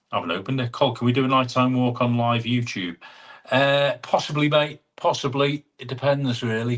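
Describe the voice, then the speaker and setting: This man, speaking in a mid-range voice with a bit of brightness, hosts a relaxed live chat from home via a wireless clip-on mic. Chatty and full of quick asides, he reads viewer comments aloud and calls people "mate."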